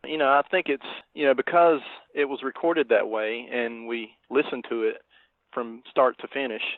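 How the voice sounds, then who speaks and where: A man's voice: medium pitch, moderate pace, no room sound. Man on a tinny phone-like line. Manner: meandering, hesitant. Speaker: podcast cohost. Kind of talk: casual chat.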